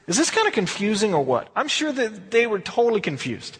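A man leads a Bible study in a high, husky voice, chatty and folksy as he acts out the scriptures. His words bounce around a large hall with a long reverb tail. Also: moderate pace. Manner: folksy, animated, acts out quotes. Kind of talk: verse-by-verse Bible teaching, conversational.

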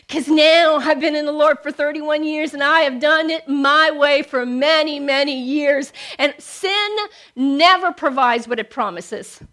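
A woman's voice: sits high, fairly bright tone. A middle-aged woman preaching a sermon with passion, rising to emphatic declarations.

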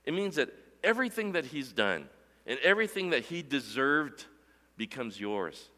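A man preaching a sermon in a church worship center, with emphatic, deliberate delivery that swells and drops for emphasis. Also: medium pitch, very animated, bright, forceful tone, big-room sound. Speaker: pastor.

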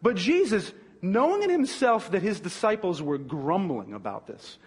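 A man preaching in a high, husky voice that leaps up and down. He drives his points home with emphatic restarts and repetition. The sound rings with the long reverb of a big hall. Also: sing-song, normal speed. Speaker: pastor. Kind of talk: sermon.

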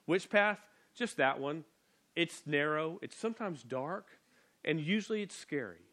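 A man preaching a sermon as pastor, earnest and animated, often restarting words as he presses his point. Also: fairly high pitch, moderate pace.

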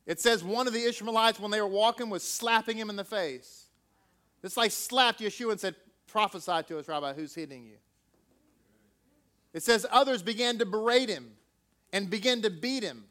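Male preacher, high voice, emphatic, peppers the sermon with rhetorical questions. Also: normal speed, sharp tone.

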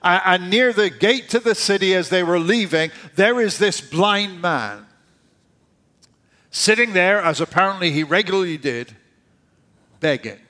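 Guy preaching, highish voice, chatty sermon, goes low and soft on the big lines. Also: lively intonation, measured pace. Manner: conversational preaching, drops low and soft to stress points. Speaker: pastor.

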